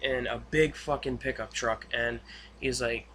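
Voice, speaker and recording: A man giving a casual, rambling spoken recap of a TV episode, full of fillers and excited asides. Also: medium pitch, a little slow. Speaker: TV episode reviewer.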